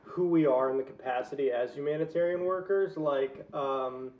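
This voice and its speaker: A chatty man from the American South co-hosting a podcast, filling his talk with fillers and easy laughter. His voice sits a little higher than most men's. It rings in an echoey room with a dull, lo-fi sound. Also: normal speed, recorded from a distance. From Southern United States. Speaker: podcast co-host. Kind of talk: casual chat.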